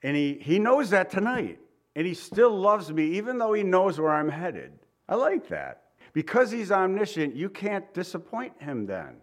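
A man's voice: high voice, huge pitch swings, moderate pace. A man preaching a Bible teaching in a loose, conversational way, chuckling and acting out the people he quotes. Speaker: pastor. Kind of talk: sermon teaching.

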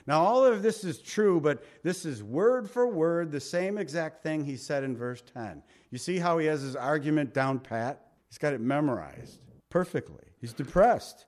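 A man preaching a sermon, swinging between loud emphatic lines and hushed soft ones. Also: on the high side, expressive, normal speed, few pauses. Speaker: pastor.

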